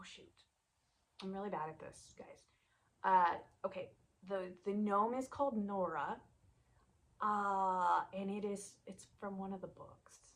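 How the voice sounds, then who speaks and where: A woman hosting a knitting vlog, chatting casually and rambling, often trailing off into soft asides. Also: medium pitch, creaky. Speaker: knitting podcast host.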